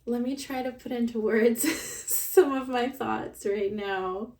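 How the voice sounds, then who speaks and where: A woman unboxing plush toys in a casual vlog, gushing with excitement and often laughing. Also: fairly high pitch, slow pace. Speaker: plush toy reviewer. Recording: voice a bit far from the mic.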